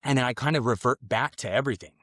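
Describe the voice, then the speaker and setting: A man in his late twenties talks through his own story as a podcast guest, earnest and casual, slipping into the voice of his past self. His pitch sits in the middle for a man. The recording is close and dry, with no room sound. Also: fast talker, a bit bright, no room sound. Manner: earnest, loose and conversational, acting out his own past thoughts.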